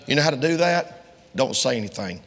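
A man delivers a sermon with a gravelly, creaky edge to his mid-pitched voice. He stresses King James verses and speaks straight to the congregation. His words ring out with the long echo of a church hall. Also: very animated, moderate pace, fairly bright tone. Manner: emphatic, quotes King James scripture; addresses the congregation directly. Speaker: preacher.

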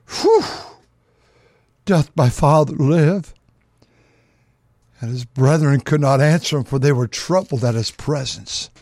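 Guy preaching, reads the bible then gets fired up, kinda high voice, dry close sound. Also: darkish tone, no echo. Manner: fervent, repeats words for emphasis. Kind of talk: sermon, reading scripture with commentary.

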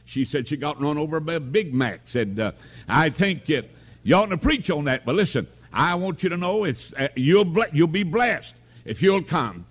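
Older revival preacher, folksy. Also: male voice, on the high side, animated, normal speed, breathy edge, highs cut off. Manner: folksy, storytelling, calls for amens. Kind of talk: revival sermon. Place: tabernacle.

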